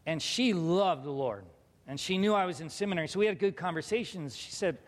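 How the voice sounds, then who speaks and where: A man with a high voice shares a personal faith story and acts out each person's lines. He speaks with strong feeling. His voice rings with the long reverb of a big hall. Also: a little fast. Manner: emotional, animated, quotes people in dialogue. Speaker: pastor telling a personal story. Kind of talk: storytelling testimony.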